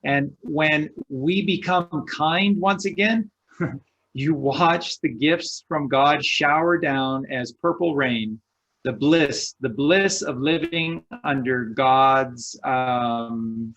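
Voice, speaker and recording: A man speaking with fervor, piling up repeated words of praise and exhortation. His voice sits fairly high for a man. The sound comes over a muffled, lo-fi call line. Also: slow pace, a bit bright. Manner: preachy, repetitive encouragement. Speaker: show co-host. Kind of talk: impassioned conversational speech.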